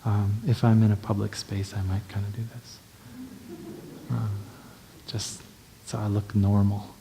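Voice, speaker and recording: A male meditation teacher giving a dharma talk in a gentle, unhurried way, often checking in with the listener. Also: lowish voice, a little hiss or hum.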